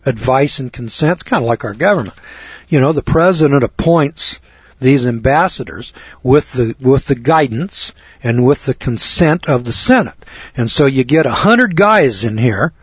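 A man's voice: mid-range voice, expressive, moderate pace, husky, no room sound. A middle-aged man hosting a radio talk show, lecturing in a blunt, rambling, preachy way. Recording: dull lo-fi radio recording.

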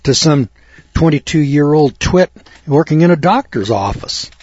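A man's voice: on the high side, animated, unhurried, darkish tone, breathy edge, no echo. A cocky man telling a ranting story in a folksy monologue, acting out both sides of a conversation. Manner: cocky, ranting, mimics others in quotes. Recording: dull, slightly lo-fi dry recording.

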